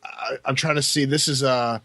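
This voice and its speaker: A man's voice: mid-range voice, fairly even intonation, normal speed, sharp tone, dry recording. Sarcastic man with dry close sound. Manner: sarcastic, joking asides. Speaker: podcast co-host. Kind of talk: casual podcast chat.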